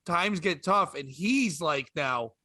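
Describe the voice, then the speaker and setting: A man's voice: high voice, fairly quick, sharp tone. A man bantering on a comedy podcast, rambling and joking with frequent laughs.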